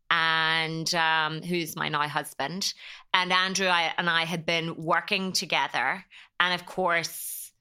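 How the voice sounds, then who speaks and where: A woman's voice: low-pitched, pushed and bright, clean tone. An Irish woman in her thirties, a podcast guest talking in a chatty, rambling way and getting openly emotional. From Ireland. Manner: chatty, rambling, heavy use of "like". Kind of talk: casual interview chat.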